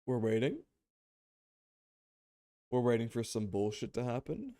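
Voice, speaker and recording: A man's voice: medium pitch, very animated, measured pace, warm tone, no room sound, studio quality. A man streaming a game, chatting casually, joking and swearing now and then. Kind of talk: casual gameplay commentary.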